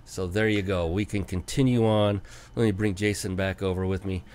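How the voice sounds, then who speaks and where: A man hosting a business talk show, chatting enthusiastically and spelling out details slowly. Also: sits low, fairly even intonation, a little mellow. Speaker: show host. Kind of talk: casual interview talk.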